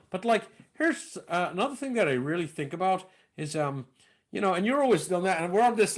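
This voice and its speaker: A man's voice: lively intonation, a little fast. A male comedian chatting as a podcast guest, loose and rambling, his voice swinging up and down. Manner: loose and rambling, swinging between high and low. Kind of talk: casual podcast chat.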